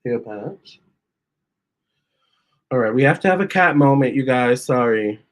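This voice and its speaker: A man's voice: medium pitch, animated, fairly quick. A man, a tarot reader, chatting casually on his livestream, reading viewer comments aloud and cooing at his cats. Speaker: tarot reader and channel host.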